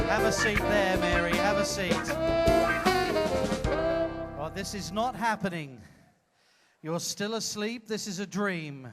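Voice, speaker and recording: A man hosting a live comedy show, teasing an audience member in a playful, loud way. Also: sits high, takes it slowly, pauses often, over loud music. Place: cruise ship theater stage.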